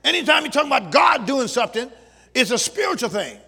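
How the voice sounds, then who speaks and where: A man preaching a sermon to his congregation, using call-and-response and shouting at the peaks. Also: very high voice, very animated, fast. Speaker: pastor. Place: church sanctuary with congregation.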